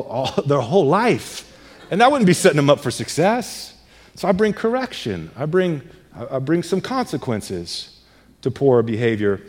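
A man's voice: mid-range voice, darkish tone, long reverb tail. A middle-aged male pastor delivering a sermon, earnest and emphatic, asking rhetorical questions and answering them.

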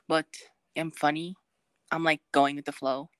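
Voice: mid-range voice, level tone, measured pace, fairly bright tone, clean tone, dry recording. A young adult co-hosting a casual podcast chat, laid-back and joking, full of slang. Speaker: podcast co-host.

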